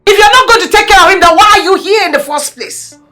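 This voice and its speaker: A woman's voice: very high-pitched, fast, soft background music. An actress playing a mother scolding her son's wife. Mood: angry. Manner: scolding, shouting. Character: furious protective mother of sick son.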